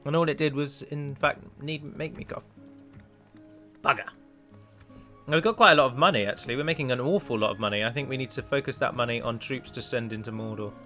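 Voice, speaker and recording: A man's voice: medium pitch, a little fast, bright, forceful tone. A man casually commenting on his strategy game, thinking aloud and correcting himself. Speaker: let's play host. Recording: faint game music behind.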